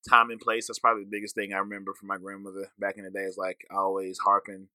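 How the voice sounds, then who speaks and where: A man co-hosting a casual podcast chat in a laid-back, reflective way, swearing now and then. His voice sits a little low but sounds very bright and forward. The recording is close and dry. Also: monotone, fast talker, no echo. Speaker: podcast co-host.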